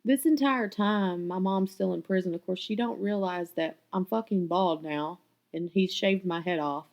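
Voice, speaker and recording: A woman's voice: fairly low pitch, normal speed, a little mellow, poor audio. A woman hosting her own podcast, telling her life story in a raw, candid way and swearing freely. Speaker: podcast host. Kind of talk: confessional personal storytelling.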